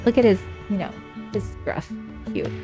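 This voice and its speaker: Young woman game streamer, casual chatter, sarcastic, middle pitch. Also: animated, moderate pace, music in the background. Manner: chatty, sarcastic, swears a lot.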